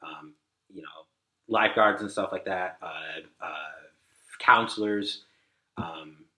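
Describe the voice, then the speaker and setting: Man with a bright, forceful low voice. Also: slow, echoey room, low-quality recording. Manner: rambling, many "like" fillers, acts out quoted dialogue. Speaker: podcast guest. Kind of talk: casual storytelling.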